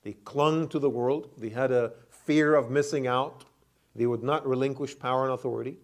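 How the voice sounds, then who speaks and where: A man teaching Quran commentary in a classroom lecture. His voice sits at a medium pitch. He questions his listeners, repeats words, and restarts his sentences as he explains. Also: steady tone, moderate pace.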